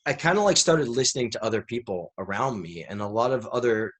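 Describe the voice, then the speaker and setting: An American man in his thirties, guesting on a podcast, tells a rambling story in casual interview talk. His voice is lowish and brisk, and he's an animated storyteller who keeps filling gaps with "like."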